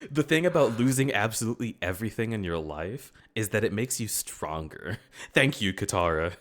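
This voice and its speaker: Animated, sarcastic male streamer. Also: fairly low pitch, normal speed. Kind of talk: casual chat.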